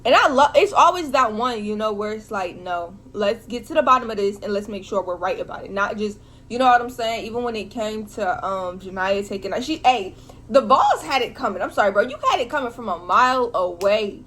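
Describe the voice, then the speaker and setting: A young woman recapping a film in a casual vlog, talking in an animated, slangy, emotional way. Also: mid-range voice, brisk, a little hiss or hum. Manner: animated, slangy, emotional talk full of "like" and "bro". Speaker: vlogger reviewing a film.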